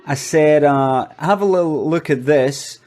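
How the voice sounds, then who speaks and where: A man playing a hesitant, shady product promoter who fills his talk with halting pauses and deadpan asides. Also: fairly high pitch, lightly acted. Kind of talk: comic monologue.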